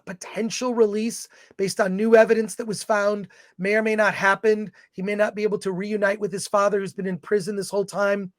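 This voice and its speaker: A man's voice: high voice, no room sound, studio quality. A man co-hosting a casual film review chat, opinionated and blunt, rambling through his thoughts.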